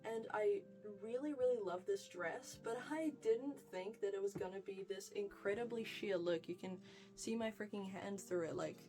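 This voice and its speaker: Young woman, New Zealand accent, casual wardrobe vlog, gushing, mid pitch, mic at a distance, faint music. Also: normal speed, dark tone. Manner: gushing, chatty, says "freaking" and "like" a lot. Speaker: fashion vlogger.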